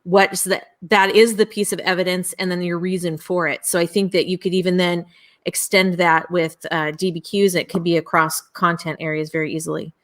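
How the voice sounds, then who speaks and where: Brief: woman educator, halting, musing delivery. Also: on the low side, flat delivery. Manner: thinking aloud, hesitant with fillers. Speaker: teacher. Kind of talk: casual chat.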